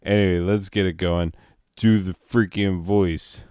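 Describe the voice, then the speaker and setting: A male host who banters in an exasperated, sarcastic way. He has a lowish voice, an unhurried pace, and a dry, close sound. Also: fairly even intonation, dark tone, clear, resonant tone, dry recording. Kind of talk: comedic banter.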